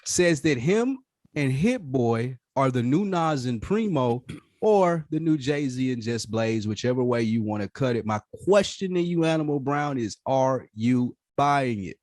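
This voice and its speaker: Animated man with a lively voice. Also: mid-range voice, measured pace, no echo, studio quality. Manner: animated, profane, acts out mock quotes. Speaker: podcast co-host. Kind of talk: casual hip-hop podcast chat.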